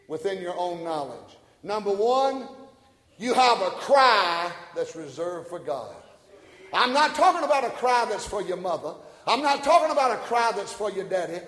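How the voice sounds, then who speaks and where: A preacher with a high voice delivers his sermon in a big sanctuary. He drops to easy, joking asides and then climbs to full-throated shouts. The room is roomy, and each line trails off in a long reverb. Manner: preaching that swings from quiet asides to shouted climaxes; folksy and joking. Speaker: pastor. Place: church sanctuary. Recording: echoey hall, church room.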